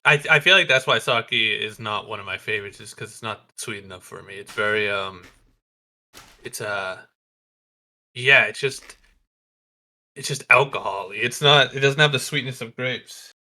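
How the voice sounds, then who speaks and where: A man's voice: mid-range voice, normal speed, pushed and bright. A man chatting casually on a podcast, joking and teasing his co-host and laughing often.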